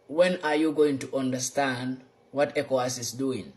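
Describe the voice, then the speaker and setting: Fervent man ranting in a monologue. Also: moderate pace. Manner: fervent, swings between loud outbursts and low muttering; repeats lines for emphasis. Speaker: political vlogger. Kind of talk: impassioned political monologue.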